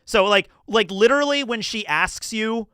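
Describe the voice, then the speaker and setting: A man's voice: sits high, moderate pace, bright, forceful tone, clean tone, dry recording, studio quality. A man from New Jersey giving chatty, casual livestream commentary, laughing often and swearing freely. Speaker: streamer.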